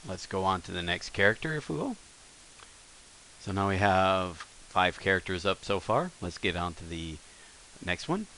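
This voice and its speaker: Bright-voiced man teaching alphabet. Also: sits low, normal speed, a little hiss or hum. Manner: relaxed, thinking aloud with fillers and self-corrections. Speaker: language teacher. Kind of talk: screen-recorded lesson.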